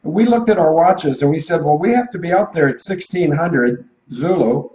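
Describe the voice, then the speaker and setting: A man's voice: fairly high pitch, expressive, moderate pace, a little hiss or hum. Older male co-host, anecdotal storyteller, roomy and dull-sounding recording. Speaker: retired military pilot and co-host. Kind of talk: casual storytelling chat.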